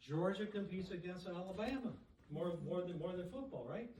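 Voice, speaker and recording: A man with a fairly high voice gives an animated talk at a dinner, putting questions to the crowd. He stands well back from the microphone in an echoey room. A soft hiss sits behind him. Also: normal speed. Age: middle-aged or older. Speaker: speaker at a society dinner. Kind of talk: public talk to a dinner audience. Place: banquet room with audience. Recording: echoey room, speaker far from mic.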